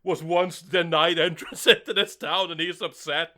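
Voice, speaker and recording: Man, casual chat, bright tone, high-ish voice, swears, laughs often. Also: fairly even intonation, normal speed. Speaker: podcast co-host.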